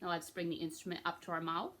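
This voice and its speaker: A woman with a bright, clear-toned voice leads a beginner recorder lesson. She talks patiently, guiding step by step and checking in often to keep the class with her. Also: on the low side, level tone, fast. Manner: patient, encouraging, checks in with frequent okays. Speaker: music teacher.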